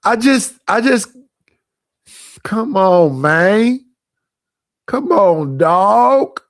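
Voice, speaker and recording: Blunt, profane man with a high voice. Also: expressive, extremely slow, no room sound, studio quality. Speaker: streamer reacting to clips. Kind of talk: casual reaction commentary.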